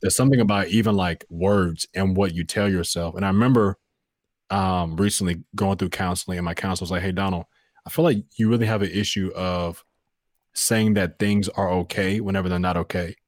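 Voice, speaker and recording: A man's voice: low-pitched, steady tone, fairly quick, no echo, clean studio sound. A man in his thirties, a voiceover artist talking as a podcast guest, reflective and earnest, with many fillers and restarts. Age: 30s. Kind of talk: casual podcast conversation.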